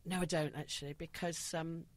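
A woman's voice: sits low, steady tone, moderate pace, no echo. A woman from Britain, a podcast guest and business founder, chatting casually, laughing often and acting out dialogue.

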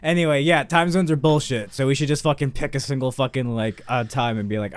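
A man's voice: mid-range voice, a little fast, clear, resonant tone. A man hosting a podcast in casual chat, stoned, rambling and swearing. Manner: rambling, swearing, tangential jokes. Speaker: podcast host.

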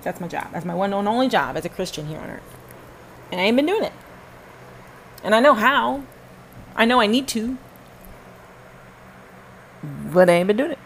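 A woman's voice: mid-range voice, sing-song, normal speed, gravelly, long pauses, a little hiss or hum, rough recording. A woman hosting a podcast, giving a fervent, emphatic spoken testimony and repeating phrases for stress. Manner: talks to listeners and to God in turn. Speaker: podcast host.

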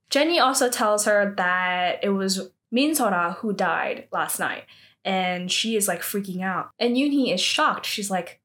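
A woman's voice: medium pitch, animated, unhurried, a bit bright. Chatty woman recapping a drama. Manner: chatty, heavy use of 'like' fillers. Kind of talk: casual plot recap.

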